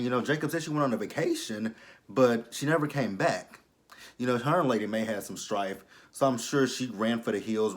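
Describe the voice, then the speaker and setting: A man giving a blunt, profane, sassy casual recap of a TV episode, swinging between loud outbursts and low asides. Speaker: TV episode reviewer.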